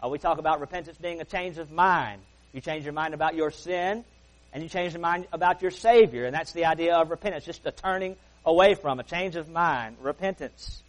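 At a church service, an earnest male preacher with a higher-leaning voice gives a sermon, pressing hard on key words, then sinking into quiet, softer phrases, with folksy asides throughout. He talks briskly, and the recording is rough.

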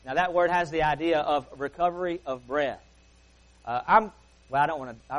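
Speaking at normal speed, the man preaches earnestly at a church service in a voice on the higher side. He hits key words hard, then drops to softer, quieter lines and adds folksy asides. The audio is poor.

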